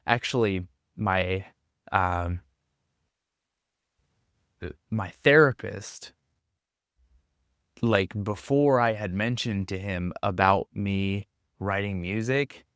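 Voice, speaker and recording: Speaking slowly with long pauses, this young Tennessee man chats casually as a podcast guest at a backpacker hostel. He rambles, pokes fun at himself, and laughs a lot, his low-ish voice smooth and fairly bright in a studio-quality recording with no echo.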